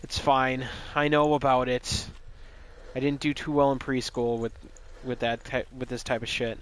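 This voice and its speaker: A man's voice: medium pitch, flat delivery, moderate pace, a little hiss or hum. A man streaming a game live, retelling a story in a loose, rambling, joking way with plenty of swearing. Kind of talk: casual live gaming commentary.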